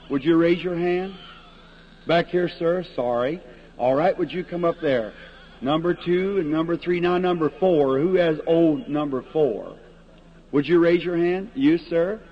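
A man preaching a revival sermon and calling people up for prayer, in a folksy, plain-spoken, earnest way. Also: on the high side. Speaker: evangelist preacher. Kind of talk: old-time revival sermon and prayer line. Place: large meeting hall before an audience. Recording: dull lo-fi archival tape with faint hiss.

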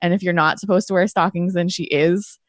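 Brief: lowish-voiced woman player, rambling, dry close sound. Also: steady tone, brisk, no room sound. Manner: rambling, filler-heavy description. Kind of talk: describing her character in a tabletop game.

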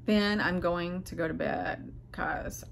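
A woman's voice: on the low side, fairly even intonation, takes it slowly, gravelly, slight background noise. A tired, unwell middle-aged woman speaking to her viewers in a rambling, hesitant, heartfelt vlog monologue, often searching for words. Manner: earnest, heartfelt address to viewers. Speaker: vlogger. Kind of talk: casual personal vlog monologue.

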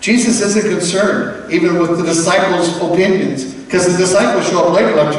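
A man preaching a sermon as pastor, talking in a conversational, animated way and acting out quoted voices. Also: high-pitched, moderate pace, few pauses, a little hiss or hum. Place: large church hall. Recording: echoey church hall, from far off.

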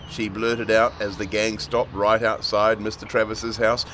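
A man reading a children's story aloud in a playful, expressive way. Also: medium pitch, normal speed, hardly any pauses, slight background noise.

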